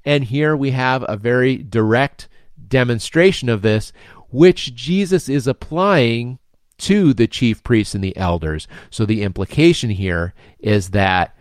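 A man's voice: mid-range voice, measured pace, no echo, studio quality. A man co-hosting a Bible study discussion, talking conversationally and thinking aloud. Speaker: co-host.

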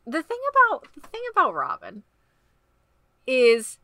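A woman co-hosting a casual brainstorming chat, playful and quick to joke. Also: high-pitched, huge pitch swings, sharp tone, no room sound.

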